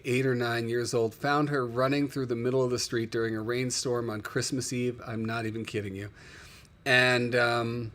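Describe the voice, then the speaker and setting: Chatty, emotional male livestream host. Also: medium pitch. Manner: emotional, chatty storyteller who calls out viewers by name. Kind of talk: casual livestream chat.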